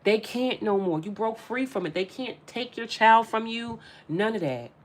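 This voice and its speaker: A woman's voice: a little high, expressive, normal speed. A woman giving a casual spiritual tarot reading straight to her viewers, emphatic and repeating her phrases as she addresses them directly. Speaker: tarot reader.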